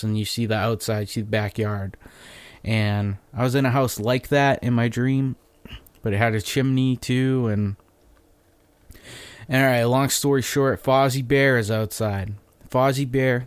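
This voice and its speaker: A man's voice: mid-range voice, clean tone, dry recording. A man hosting a solo podcast, telling a story in a rambling, profane, off-the-cuff way, a little phlegmy. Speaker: podcast host.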